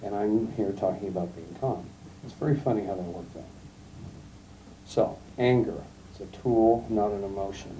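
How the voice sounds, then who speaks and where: A middle-aged man giving a classroom lecture, telling anecdotes in a calm, emphatic storytelling way. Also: lowish voice, moderate pace. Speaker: guest lecturer. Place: lecture room. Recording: distant mic, faint room noise, archival tape.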